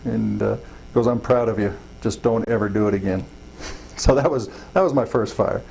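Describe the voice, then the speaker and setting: A man's voice: fairly low pitch, moderate pace, creaky, a little mellow, a little hiss or hum, rough recording. A middle-aged man telling folksy, rambling stories in an interview, full of fillers and acted-out quotes. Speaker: interviewee, wildland fire chief. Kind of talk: casual storytelling interview.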